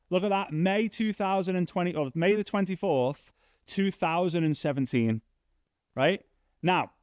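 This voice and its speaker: A young man giving a workshop talk to a live audience, telling a story with lively, acted-out dialogue. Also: dry recording, clean studio sound. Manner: animated, acts out dialogue with big pitch jumps. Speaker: workshop speaker.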